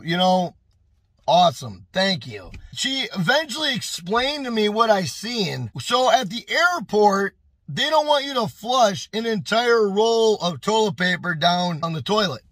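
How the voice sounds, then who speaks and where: A man telling a casual storytime monologue to his channel, animated and exclaiming, often repeating phrases. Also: high-pitched, moderate pace, dry recording. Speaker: YouTube storyteller.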